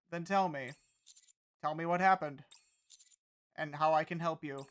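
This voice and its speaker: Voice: mid-range voice, measured pace, long pauses. Streamer reading a game story aloud.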